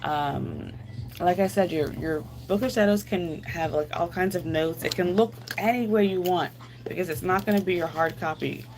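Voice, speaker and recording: A woman's voice: lowish voice, normal speed, background noise. A woman live streaming, chatting casually and rambling to her viewers while answering their comments aloud.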